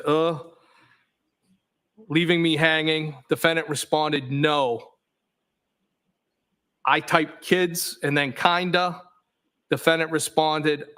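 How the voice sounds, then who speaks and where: Testifying from the witness stand, a man reads a series of text messages aloud one line at a time. His voice is a touch high for a man, and his delivery remains flat and methodical.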